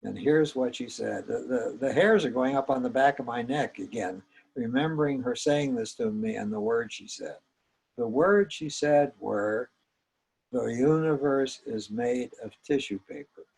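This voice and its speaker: Older male storyteller: gravelly, slightly husky, reflective and gentle. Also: medium pitch, moderate pace, rough recording. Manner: reflective, gentle, with small hesitations. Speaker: psychologist recounting his training. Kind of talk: personal storytelling.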